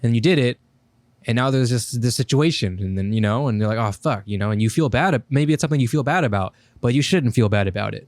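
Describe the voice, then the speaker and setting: A man co-hosting a podcast in casual chat, animated, laughing often and repeating himself. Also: medium pitch, fast talker, dry recording. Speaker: podcast co-host.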